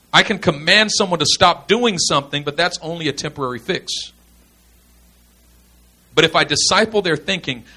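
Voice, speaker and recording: A man's voice: fairly high pitch, pushed and bright. A man teaching in a sermon style, earnest and emphatic, repeating his key points. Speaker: pastor teaching pastors.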